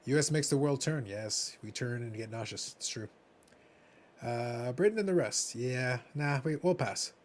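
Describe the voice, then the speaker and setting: A Canadian man co-hosting a casual live stream, reading chat messages aloud with teasing sarcasm, sometimes muttering and sometimes shouting. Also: medium pitch, measured pace, slight background noise. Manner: sarcastic, teasing, dramatic swings between mutters and loud outbursts.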